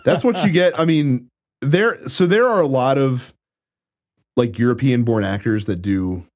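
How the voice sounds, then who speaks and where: Lively man chatting on a gaming podcast. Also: mid-range voice, measured pace. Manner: lively, laughing, loose banter. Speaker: podcast co-host. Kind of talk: casual gaming podcast chat.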